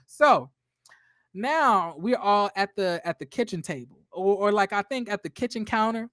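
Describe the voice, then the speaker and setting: A woman giving a casual, gossipy recap of a reality show, talking bluntly and laughing often as she goes. Her voice sits at an ordinary middle pitch. The sound is close and dry, with no room echo. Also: animated, normal speed, fairly bright tone. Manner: chatty and blunt, with frequent laughter and cursing. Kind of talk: casual episode recap commentary.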